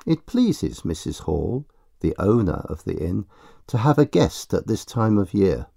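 Slow, expressive male storybook narrator. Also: fairly low pitch, creaky, slightly rough, no echo, studio quality.

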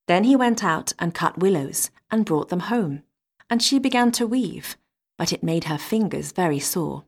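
A woman reading a fairy tale aloud in a measured, expressive manner. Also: fairly low pitch, breathy edge. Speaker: storyteller.

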